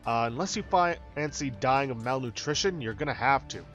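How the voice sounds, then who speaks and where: A man's voice: medium pitch, expressive, a little fast, a bit bright, muffled recording, faint music behind, natural voice. A man voicing a blunt, grim survivor who argues in a matter-of-fact way. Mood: insistent.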